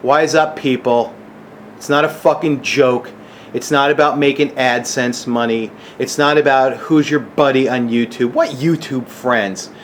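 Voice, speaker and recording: An agitated middle-aged man rants at mid pitch, cursing hard and tossing in a pointed "okay?" again and again. His voice sits in the middle range for a man. A faint air-conditioner hum runs under him. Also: steady tone, unhurried. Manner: agitated, profane, keeps asking "okay?". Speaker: gun channel vlogger. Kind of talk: angry rant to camera.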